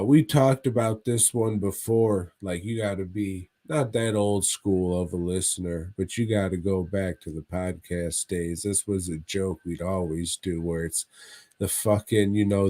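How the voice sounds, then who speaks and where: A man's voice: fairly low pitch, dark tone. A man co-hosting a casual movie review podcast, retelling plots in a rambling, profane way. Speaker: podcast co-host.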